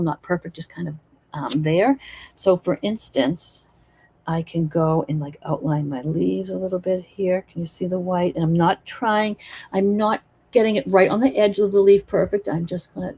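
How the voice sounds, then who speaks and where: A woman's voice: fairly low pitch, mellow, slightly rough. A woman teaching acrylic painting in a live stream, chatting and encouraging while she works. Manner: chatty, encouraging, thinks aloud while working.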